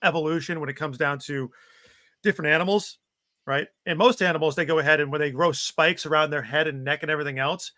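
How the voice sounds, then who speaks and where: A man with a slightly high, bright and forceful voice fires off brash, profane remarks at a fast clip. He is chatting casually on a podcast, and the sound is dry with no room echo. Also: steady tone. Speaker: podcast co-host. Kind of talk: casual chat.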